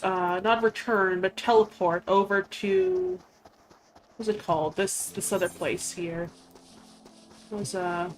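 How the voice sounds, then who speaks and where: Quiet, musing woman streamer. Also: medium pitch, a little hiss or hum. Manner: quiet, musing, with frequent fillers and self-corrections. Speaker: game streamer. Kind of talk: casual gameplay commentary. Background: faint game music.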